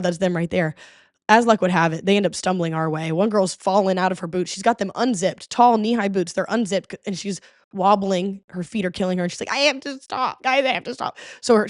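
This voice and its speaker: A woman hosting a podcast in casual chat, telling stories in an animated way. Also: mid-range voice, dry recording, clean studio sound. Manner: animated storytelling with quoted voices. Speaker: podcast host.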